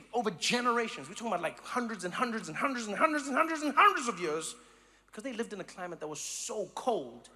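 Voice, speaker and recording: A man doing stand-up comedy, animated and acting out voices and sounds. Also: high-pitched. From South Africa.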